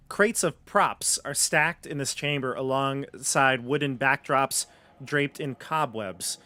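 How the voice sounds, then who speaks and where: Relaxed man running a tabletop game. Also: mid-range voice. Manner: relaxed, halting with fillers. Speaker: game master.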